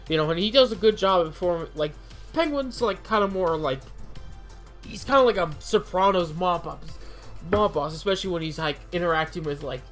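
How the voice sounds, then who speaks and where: A speaker casually reviewing a film, rambling through fillers and restarts and swearing freely. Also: medium pitch. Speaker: movie reviewer.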